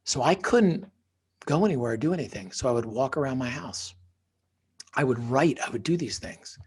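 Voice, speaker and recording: Very husky man telling his story. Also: mid-range voice, animated, normal speed. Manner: emphatic, dramatic, drops to a whisper for effect. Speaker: podcast guest, author. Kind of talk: personal storytelling in an interview.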